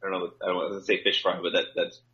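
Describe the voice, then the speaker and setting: A man's voice: low voice, little pitch movement, very fast, pushed and bright, a little hiss or hum. A man co-hosting a podcast in casual chat, teasing his co-host in a wry way and giving blunt advice. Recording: dull lo-fi audio.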